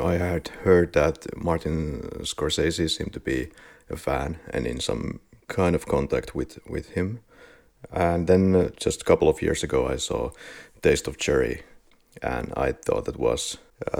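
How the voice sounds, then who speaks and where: Very deep, gravelly-voiced man. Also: darkish tone. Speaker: podcast co-host. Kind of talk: casual film discussion.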